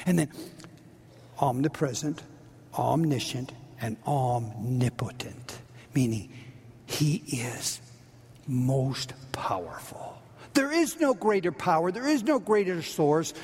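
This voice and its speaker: A man preaching a sermon as a pastor, swinging from loud urgent lines to near-whispers. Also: fairly high pitch, gravelly, breathy edge. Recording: long reverb of a large hall.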